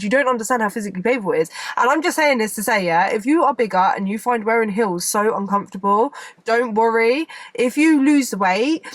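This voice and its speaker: A woman's voice: mid-range voice, fairly quick, no echo. A young woman, chatting casually to camera as a vlogger, rambling and repeating herself.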